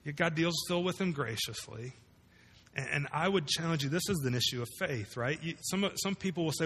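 A man's voice: a little high, expressive, fairly quick, a bit bright, husky, big-room sound. A man preaching a sermon to a room of listeners, conversational and full of rhetorical questions. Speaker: pastor. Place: large room with congregation.

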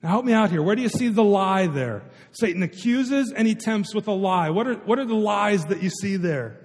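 A man's voice: high-pitched, expressive, normal speed. A man preaching a sermon to his church, talking in a conversational way and often putting questions to the congregation. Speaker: pastor. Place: church sanctuary. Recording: long hall reverb.

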